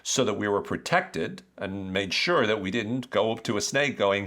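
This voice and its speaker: Lively man explaining to listeners. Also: on the low side, moderate pace, hardly any pauses. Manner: conversational, animated, asks rhetorical questions. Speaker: podcast host. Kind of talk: explanatory educational talk.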